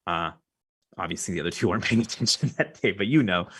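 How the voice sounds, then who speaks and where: A man's voice: deep voice, lively intonation, quick pace, a bit bright, husky. A man narrating a tabletop game as game master, in a loose, chatty way full of fillers.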